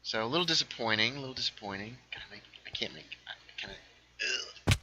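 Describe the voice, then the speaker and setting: A man's voice: medium pitch, lo-fi sound, background noise. A man hosting a casual gaming livestream, rambling along and reading viewer chat aloud. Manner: rambling, reads chat aloud, quick asides. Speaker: livestream host playing a game.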